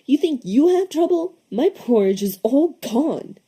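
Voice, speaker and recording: A young woman voicing a small whiny bear cub in a children's storybook, squealing and wailing in a high voice. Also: sing-song, a little slow, mellow, full character voice.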